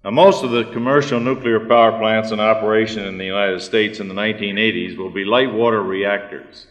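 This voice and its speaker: Measured man speaking in a reverberant hall. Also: lowish voice, steady tone, fairly bright tone, muffled recording. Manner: measured, with fillers and throat clearing. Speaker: conference speaker. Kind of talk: prepared conference talk with a joke. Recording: reverberant hall, archive recording.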